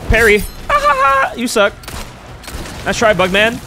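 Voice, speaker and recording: A man doing excitable gameplay commentary, trash-talking and swearing at enemies. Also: high-pitched, takes it slowly. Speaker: let's play streamer. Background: game music.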